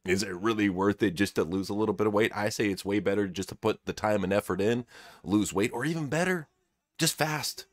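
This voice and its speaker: A man with a low voice, hosting a casual podcast and giving blunt, opinionated takes full of swearing. The sound is dry and close to the mic. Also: brisk, no echo. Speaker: podcast host.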